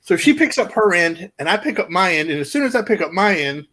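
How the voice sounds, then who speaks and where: A man's voice: sits high, fast, few pauses. A man telling a long, rowdy anecdote in casual chat and laughing along as he goes. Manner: animated storyteller, laughing through his own anecdote. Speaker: guest storyteller.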